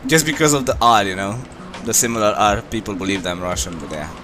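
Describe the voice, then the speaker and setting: A young Romanian man streams and chats casually with his viewers, rambling and leaning on lots of fillers while music plays behind him. His voice is fairly low and his pace quick.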